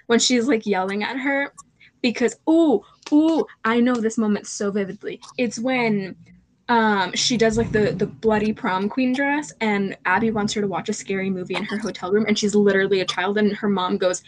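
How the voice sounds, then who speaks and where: A woman's voice: medium pitch, moderate pace, rough recording. Chatty young woman, faint hiss behind. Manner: rambling, animated retelling with restarts. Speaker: podcast co-host. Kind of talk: casual chat. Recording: faint background noise.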